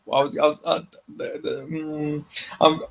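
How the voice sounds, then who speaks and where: A man's voice: on the high side, monotone, moderate pace, vocal fry. A man co-hosting a podcast in casual, rambling chat, swearing and restarting a lot. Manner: rambling, profane, restarts often. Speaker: podcast co-host.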